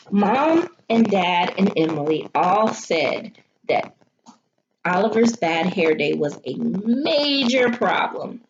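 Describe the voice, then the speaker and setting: A woman teacher reading a picture book aloud to her third grade class, pausing to ask the children questions. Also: fairly low pitch. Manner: expressive storyteller, pauses to ask the class questions. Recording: dull lo-fi audio with noticeable noise.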